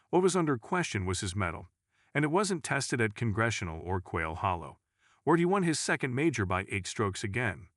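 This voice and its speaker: Lively, low-voiced man narrating sports news. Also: dry recording, clean studio sound. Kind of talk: scripted sports article narration.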